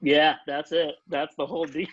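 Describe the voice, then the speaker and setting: A man telling a long anecdote on a podcast, animated, acting out the other people in pitched-up voices and leaning on "like" as he talks. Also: normal speed, lo-fi sound, a little hiss or hum. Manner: animated, acts out quotes in pitched-up voices, many "like" fillers. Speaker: podcast guest, TV comedy writer. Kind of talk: casual storytelling.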